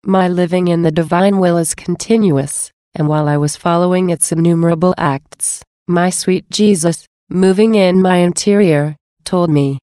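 A woman reading a devotional diary aloud in a calm, measured and reverent manner. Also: lowish voice, no room sound, studio quality. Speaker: reader of a mystical diary.

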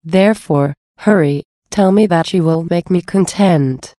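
A woman reading a tender, loving male Jesus from a devotional text, speaking softly to a grieving soul in a lowish, mellow voice. The sound is dry and close. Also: a little slow, no echo, natural voice. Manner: tender, gentle.

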